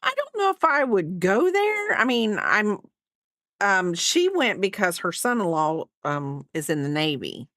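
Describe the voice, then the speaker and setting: Slow-talking American woman chatting on stream. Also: mid-range voice, big pitch swings, fairly bright tone, dry recording, clean studio sound. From United States. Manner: rambling, chatty, answers chat between stitches. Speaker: livestreamer crafter. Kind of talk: casual livestream chat while crocheting.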